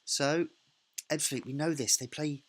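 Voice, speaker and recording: A man's voice: fairly high pitch, fairly even intonation, a little slow. Man casually narrating a management game. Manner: thinks aloud, casual and self-correcting. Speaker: let's play host.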